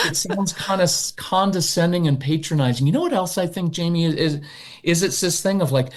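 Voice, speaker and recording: A man as a podcast guest, coaching parents in a matter-of-fact, animated way and slipping into quick voices of parents. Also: a little high. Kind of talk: podcast interview.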